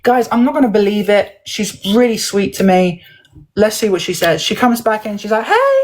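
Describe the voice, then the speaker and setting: A woman talks through a dispute on her livestream. She tells it with animated energy and acts out the other people's lines. Her voice sits at a middle pitch. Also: moderate pace, low-quality recording. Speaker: livestream host. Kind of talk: heated livestream chat.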